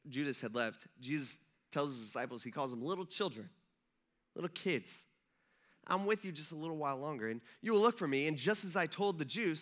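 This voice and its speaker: Bright-voiced man preaching animatedly. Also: a little high. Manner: animated storytelling, acting out quoted voices. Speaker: pastor. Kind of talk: casual sermon.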